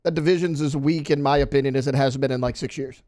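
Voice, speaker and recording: A man co-hosting a sports radio show, laying out opinions in a steady, reasoned casual way in a studio. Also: medium pitch, fast, no echo.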